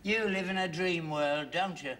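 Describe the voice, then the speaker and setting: A man's voice: high-pitched, moderate pace, a bit bright, slight background noise. An actor playing a grumpy, stubborn old father, grumbling and indignant in a sitcom. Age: older. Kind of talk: sitcom acting.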